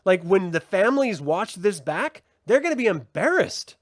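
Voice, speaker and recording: A man co-hosting a casual review chat, animated and swearing, laughing often and slipping into mocking voices. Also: sits high, normal speed, dry recording, clean studio sound. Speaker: podcast co-host.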